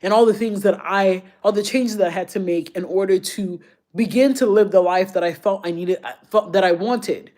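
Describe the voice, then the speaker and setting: A woman's voice: mid-range voice, moderate pace, dark tone. A woman, a fashion YouTuber chatting casually and emotionally with her viewers on a live stream. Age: 30s.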